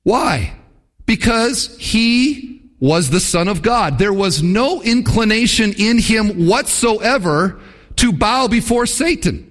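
An earnest male preacher works through his text, posing rhetorical questions to the room. His voice sits high for a man. Long reverb from the church hall trails after his words. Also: expressive, takes it slowly, a bit bright. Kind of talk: expository sermon.

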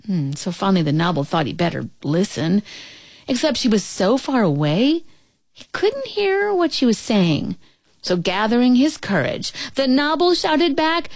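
A woman reading a children's story aloud in an expressive, playful voice. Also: measured pace, dry recording. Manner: expressive, swooping pitch. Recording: dry close recording.

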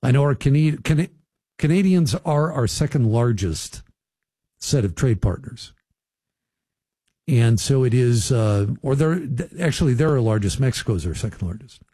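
A man's voice: medium pitch, lively intonation, normal speed, warm tone, breathy edge, dry recording. A man hosting a radio talk show, chatting casually with listeners and riffing on the news with folksy asides. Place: radio studio.

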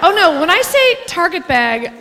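A woman doing stand-up comedy, telling a story in a brash, profane, animated way. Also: very high-pitched, moderate pace. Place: stage in a large hall. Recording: reverberant hall, audience noise.

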